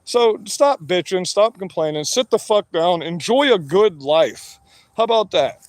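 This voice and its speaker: High-voiced man in a profane rant. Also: expressive, a little slow, no room sound. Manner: profane, combative, heavy swearing. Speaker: vlogger. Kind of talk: angry monologue rant.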